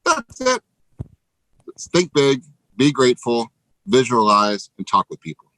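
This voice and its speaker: A man giving an energetic motivational pep talk to real estate agents, emphatic and casually profane. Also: medium pitch, unhurried, dry recording, poor audio. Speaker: real estate team leader.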